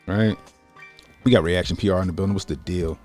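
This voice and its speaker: A man's voice: sits low, brisk, soft background music. Chatty man in his thirties livestreaming. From Baltimore, USA. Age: 30s. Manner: animated, acts out quotes, greets chat by name. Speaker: livestream host. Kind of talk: casual livestream storytelling.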